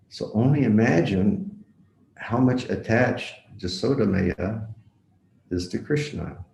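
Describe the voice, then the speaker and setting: A man's voice: on the low side, takes it slowly, gravelly, darkish tone, reverberant, low-quality recording. A man giving a devotional lecture as a visiting monk, telling a story, repeating words for emphasis and asking his listeners direct questions. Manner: asks the audience direct questions.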